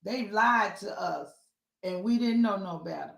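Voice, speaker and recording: A woman speaks, preaching in a folksy, heartfelt way and repeating lines for emphasis. She talks slowly and takes her time. Her voice carries some echo from the room. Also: medium pitch, vocal fry, a bit bright. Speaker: speaker at an online symposium. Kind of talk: casual heartfelt address to listeners.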